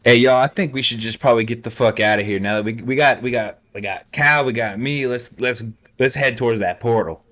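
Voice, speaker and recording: A man's voice: mid-range voice, brisk, few pauses, a bit bright, natural voice. A man playing a laid-back, friendly cowboy with a put-on drawl who stumbles over his words and swears casually. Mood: easygoing.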